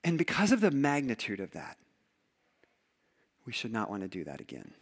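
A man preaching a sermon as pastor, urging his congregation, then leading a communion prayer, swinging between loud urging and hushed prayer. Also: medium pitch, wildly swooping pitch, normal speed.

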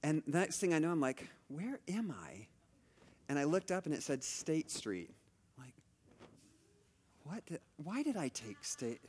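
A man's voice: a little high, very animated, moderate pace, pauses often, long reverb tail. A middle-aged man preaching a conversational sermon, telling stories with lots of asides and restarts. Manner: chatty storytelling, many asides and restarts. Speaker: pastor.

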